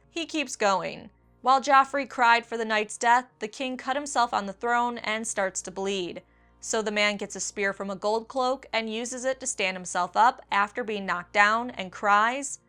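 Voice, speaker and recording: Excitable woman with a bright voice. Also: on the high side. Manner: excitable, swearing, dramatic voiced quotes. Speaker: book video host. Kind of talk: enthusiastic countdown commentary.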